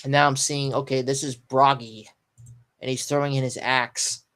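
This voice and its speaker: A sleepy, yawning man doing a casual live read-through and reaction, pausing often with ums and restarts. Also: medium pitch, level tone, a bit bright. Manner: halting, stops often with ums and restarts while reading. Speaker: live manga reaction streamer.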